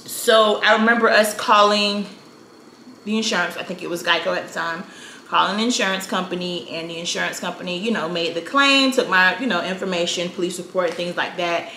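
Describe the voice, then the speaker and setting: A chatty woman in her thirties from South Florida tells a personal story in a casual, animated way. Her voice is bright and clear. The room is echoey, with a faint hiss behind her. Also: on the low side, a little fast. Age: 30s. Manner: chatty, animated, uses "you know" a lot. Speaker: storytime vlogger.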